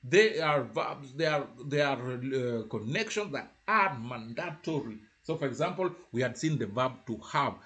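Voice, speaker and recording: A man's voice: mid-range voice, expressive, normal speed, hardly any pauses, fairly bright tone. Man teaching a lesson, casual. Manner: casual, repetitive, tag questions like "huh?" and "yeah?". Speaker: French teacher. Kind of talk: language lesson.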